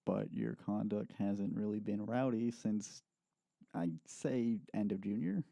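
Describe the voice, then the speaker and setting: A man's voice: fairly low pitch, measured pace, creaky, dark tone, no echo. A man playing an earnest young man who protests defensively. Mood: surprised.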